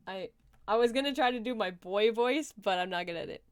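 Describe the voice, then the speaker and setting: Young woman streaming a game, smooth clear voice, chatty, laughs a lot. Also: mid-range voice, brisk. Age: young adult. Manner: chatty, laughs often, thinks aloud while playing. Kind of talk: casual live gaming stream chat.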